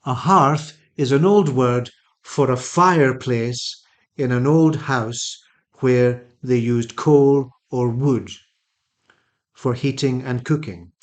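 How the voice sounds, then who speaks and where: Slow, patient male pronunciation teacher. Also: medium pitch. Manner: careful, patient, clear articulation of each word. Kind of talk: slow, deliberate teaching with repeated model words.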